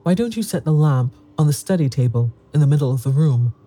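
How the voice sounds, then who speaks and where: A man voicing an impatient, sharp-tongued woman in a storybook reading, speaking briskly. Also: a little high, lively intonation. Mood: scolding. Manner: brisk, scolding.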